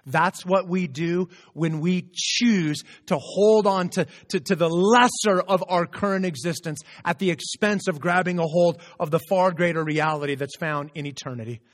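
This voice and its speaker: A man preaching a sermon as a pastor, earnest and animated, often stammering into restarts as he reads and explains scripture. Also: high voice, moderate pace, few pauses. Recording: long reverb of a large hall.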